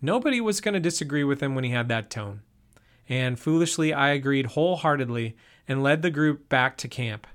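A man's voice: mid-range voice, lively intonation, a little fast, fairly bright tone. Man reading a first-person story.

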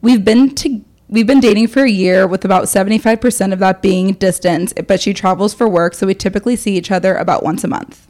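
A woman's voice: mid-range voice, a little fast. Young woman co-host, casual storyteller, chatty podcast banter. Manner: animated storyteller, reads listener emails aloud. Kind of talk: casual chat.

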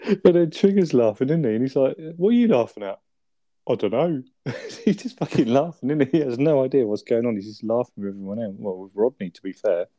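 A man's voice: mid-range voice, quick pace, dark tone, dry recording, studio quality. A man in a casual chat about a sitcom episode, laughing often, swearing and quoting the characters. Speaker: podcast co-host.

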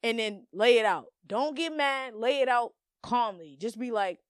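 On her podcast, a young host delivers a casual monologue of blunt, emphatic, profanity-laced advice in slang. Her voice sits on the high side and she takes her time, recorded dry with clean studio sound.

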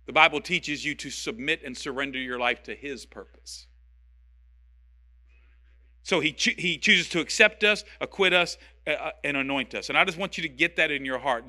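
A man's voice: a little high, pushed and bright. A male pastor preaching a sermon with passion and emphasis, repeating key phrases to drive them home.

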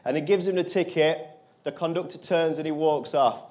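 A motivational speaker addresses a crowd. His voice sits fairly high for a man, and he talks earnestly, sinking low and quiet when he quotes other people. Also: normal speed. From England. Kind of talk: storytelling speech to an audience.

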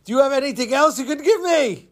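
A man's voice: very high-pitched, lively intonation, fast talker, a bit bright, voice pushed up. A man voicing a boastful young man disguised as an old fishmonger, calling out his fish in a put-on old voice. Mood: coaxing. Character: old male fishmonger, Don in disguise, coaxing.

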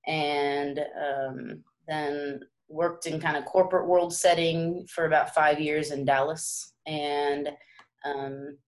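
Low voiced woman from texas, hesitant, lots of ums, guest chat. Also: steady tone, slow pace. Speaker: podcast guest, missionary. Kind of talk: casual interview chat.

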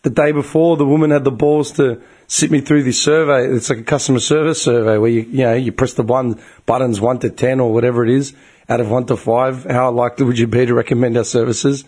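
A man's voice: mid-range voice, a little fast, husky. A young Australian man telling a long, profane and exasperated story in casual talk, his voice getting tired and strained. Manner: profane, exasperated storytelling with bursts of animated outrage. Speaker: group chat regular.

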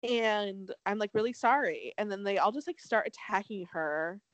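A young woman co-hosting a casual podcast, recapping a reality show in an animated, swearing way. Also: mid-range voice, normal speed, dry recording, rough recording. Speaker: podcast co-host.

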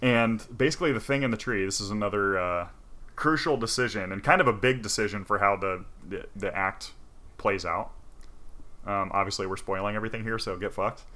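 Bright-toned man in loose, profane chat. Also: fairly low pitch, fairly quick. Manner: loose, profane, full of fillers. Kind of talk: casual chat retelling a game story.

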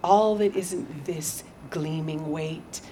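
A woman poet reads her work aloud outdoors, unhurried and deliberate. Her delivery swings between fierce intensity and dry self-mockery. Faint ambient sound sits behind her. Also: low voice, warm tone, a little hiss or hum. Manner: intense and dramatic, turning wry and self-mocking. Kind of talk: live poetry reading. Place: outdoor backyard venue.

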